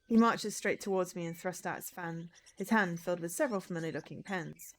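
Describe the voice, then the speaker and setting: A woman's voice: fairly low pitch, a little fast, hardly any pauses, background noise. A woman streaming a visual novel, reading the story aloud and breaking in with chatty asides. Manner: lively, chatty asides between read lines.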